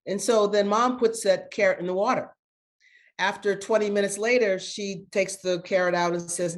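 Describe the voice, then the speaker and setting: A woman's voice: medium pitch, fairly even intonation, moderate pace. A grandmother guest in an interview, telling a story in an earnest, motivational way with repeated words for emphasis. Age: older.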